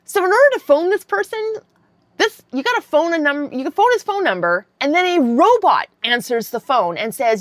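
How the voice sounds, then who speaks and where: A woman in her fifties telling a story to camera, animated and candid, swearing freely. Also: sits high, normal speed, no room sound, clean studio sound. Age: 50s. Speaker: vlogger.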